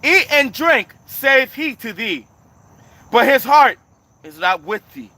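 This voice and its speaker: Guy reading bible verses out loud slow, really high bright voice. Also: big pitch swings. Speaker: scripture reader.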